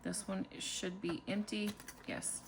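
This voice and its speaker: A woman hosting a casual budgeting vlog, calmly narrating as she counts out cash and fills savings challenges. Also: mid-range voice, vocal fry, heavy background noise. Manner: calm, unhurried, counting money aloud. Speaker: budgeting channel host.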